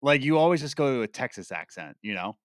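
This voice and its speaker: A man's voice: mid-range voice, animated, quick pace, no room sound, clean studio sound. Laid-back middle-aged podcast co-host, a man. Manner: brief laid-back replies. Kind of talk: casual chat.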